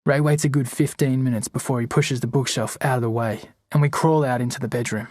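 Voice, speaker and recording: Man with a husky narrating voice. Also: medium pitch, fairly even intonation, brisk, darkish tone, no echo, studio quality. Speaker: audiobook narrator. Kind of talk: scripted narration.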